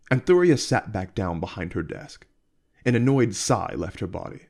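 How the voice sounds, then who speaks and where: Lively low-voiced male author narrating. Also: normal speed. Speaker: author reading his own novel. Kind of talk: audiobook narration.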